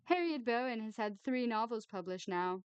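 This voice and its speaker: A nosy, tactless gossip who gushes and pries, her voice pitched up high and emphatic, as a woman reader puts her on. The tone stays smooth and clear, close and dry, like a storybook reading. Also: lively intonation, moderate pace, no room sound, natural voice. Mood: prying. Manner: prying, gushing, high and emphatic.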